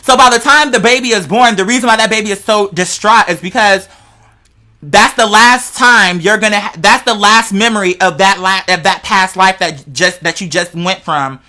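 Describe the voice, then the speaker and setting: A podcast host in casual chat, rambling through wild theories in a slangy, profane, animated way and talking straight to listeners. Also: mid-range voice, moderate pace.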